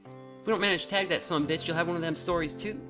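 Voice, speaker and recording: A woman voicing a gruff, protective old mountain man with a folksy rural drawl, while a music bed plays. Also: on the low side, fairly even intonation, fast, close to an everyday voice.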